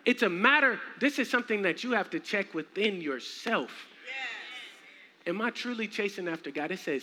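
Lively young male preacher. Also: high-pitched, moderate pace. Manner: animated, slangy, humorous preaching. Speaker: minister. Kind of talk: sermon. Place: church sanctuary. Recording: echoey hall, faint noise.

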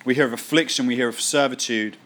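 A man giving a Sunday sermon as the speaker at church, reading scripture slowly and then acting out quotes and voices with lively emphasis. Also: mid-range voice. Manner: animated preaching, acts out voices and quotes. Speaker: pastor.

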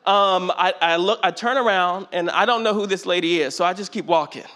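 A man's voice: high voice, fairly quick, pushed and bright. A young man from California giving a sermon as guest preacher, in a conversational, joking way with many fillers.

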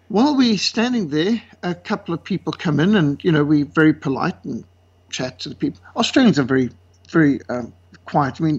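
A man from South Africa with a South African accent, a guest speaker telling lively stories and acting out the voices of the people in them. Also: fairly high pitch, creaky, husky. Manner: lively, acts out quoted voices. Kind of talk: animated storytelling. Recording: dull lo-fi sound.

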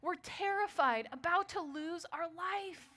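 A woman's voice: very high voice, unhurried, pushed and bright, pitched above the performer's own voice, heavily acted. A woman preacher voicing terrified male disciples pleading for help in a storm, her voice raised and urgent. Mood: desperate.

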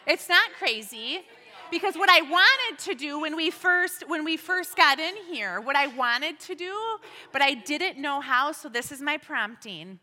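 A woman leads a women's ministry teaching, her high, bright voice moving slowly and earnestly through rhetorical questions. Her words ring out with a long reverb in the hall. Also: expressive. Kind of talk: church teaching talk.

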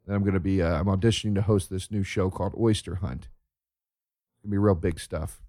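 Man doing a slow, smug internet-fame chaser, a bit lower and softer than his own voice. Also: steady tone, dry recording, clean studio sound, lightly acted. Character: dim, self-satisfied young male viral video maker.

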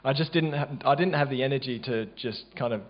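An Australian man recounts a church testimony in a loose, halting way, restarting often and filling pauses. His voice sits at an ordinary middle pitch, and the recording sounds dull and low-fidelity. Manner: casual, halting, many fillers and restarts. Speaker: church member sharing a testimony.

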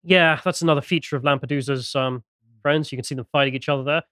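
Guy co-hosting a podcast, quick and snarky, dry close mic. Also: fairly high pitch, steady tone, a bit bright, no room sound. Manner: quick and sardonic, reading out posts with asides. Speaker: podcast co-host presenting the news segment. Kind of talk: casual political podcast chat.

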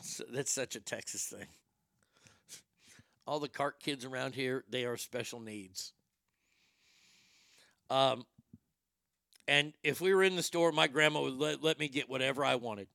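A man's voice: medium pitch, a little slow, vocal fry, long pauses, no room sound, clean studio sound. A middle-aged man doing stand-up, telling a crude family story and acting out the quotes. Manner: crude, animated, acts out quotes. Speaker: stand-up comedian.

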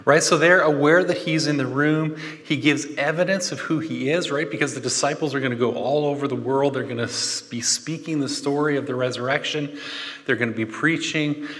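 A man preaching a conversational sermon, animated and chatty, with joking asides. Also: on the high side, fairly quick. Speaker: pastor. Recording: long hall reverb.

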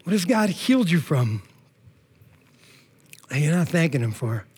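A middle-aged male pastor preaches with a high, bright voice. He talks in casual slang and keeps climbing into loud shouts of praise, rousing his church. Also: sing-song, measured pace, breathy edge. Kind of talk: energetic sermon.

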